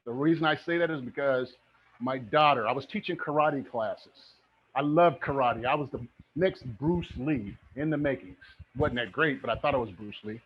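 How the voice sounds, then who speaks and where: A middle-aged man teaching real estate in a live online webinar, energetic and motivational, often checking in with "okay?". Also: medium pitch, normal speed, breathy edge, muffled recording.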